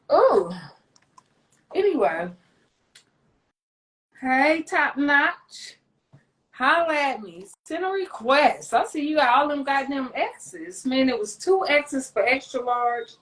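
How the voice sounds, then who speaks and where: This livestream host's voice sits high and sounds animated, though she talks slowly and pauses often. Through a rough recording, she rambles casually, swearing and cracking jokes.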